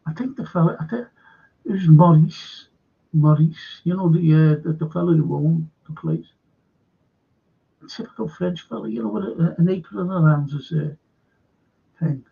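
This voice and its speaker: A man hosting a live-streamed show, telling a rambling story in a halting way and repeating words for emphasis. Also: a little high, gravelly, breathy edge, narrow, tinny audio. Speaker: host of a live-streamed current affairs show. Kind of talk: casual rambling storytelling to viewers.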